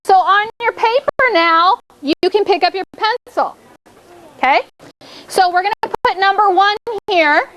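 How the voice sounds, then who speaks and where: Woman, elementary teacher, very high voice, encouraging classroom delivery, checks in constantly. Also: a little slow, a bit bright, highs cut off. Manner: encouraging, checks in with "okay?" often. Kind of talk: classroom spelling lesson.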